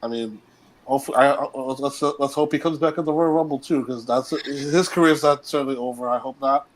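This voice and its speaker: A man's voice: mid-range voice, brisk, low-quality recording. A man hosting a wrestling podcast, talking with enthusiasm and rambling through restarts. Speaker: podcast host. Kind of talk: casual chat.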